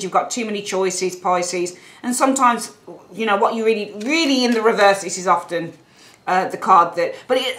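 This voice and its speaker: A woman's voice: mid-range voice, fairly bright tone. A woman with a British accent giving a chatty, rambling tarot reading, with lots of asides to her viewers. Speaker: tarot reader. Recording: echoey room.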